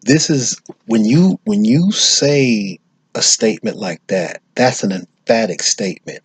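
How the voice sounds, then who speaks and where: An American man speaks in a deep, very husky, breathy voice. His talk is unscripted and emphatic, with frequent restarts and repeated phrases as he builds his point. The sound is close and dry. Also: a little slow, dry recording. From United States. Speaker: speaker on social issues. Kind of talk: unscripted spoken commentary.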